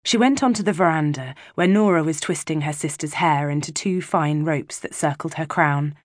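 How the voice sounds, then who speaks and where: A woman narrating a novel as an audiobook reader, measured and even, close to the mic. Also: sits low, no echo. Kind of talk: scripted narration.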